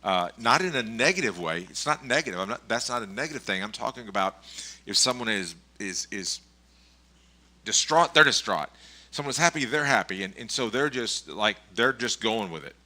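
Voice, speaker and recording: A man's voice: lowish voice, animated, normal speed, pushed and bright. A middle-aged male pastor giving a casual, conversational sermon, telling stories with chuckles and frequent restarts. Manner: rambling, chuckling storyteller with many restarts.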